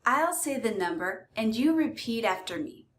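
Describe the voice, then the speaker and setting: A woman teaching English pronunciation, speaking with deliberate, carefully stressed words and leading repeat-after-me drills. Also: on the high side, very animated, a bit bright. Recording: echoey room.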